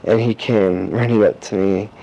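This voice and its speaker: A teenage boy recording a personal audio diary, rambling and halting with lots of fillers and restarts. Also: on the low side, fairly even intonation, creaky, warm tone. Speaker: diarist. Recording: dull lo-fi cassette tape with faint hiss.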